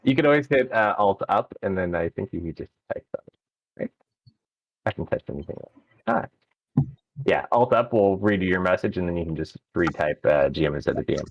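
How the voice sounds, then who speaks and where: A man narrating as game master in a tabletop game, relaxed and halting, with frequent fillers. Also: low-pitched, no echo, highs cut off.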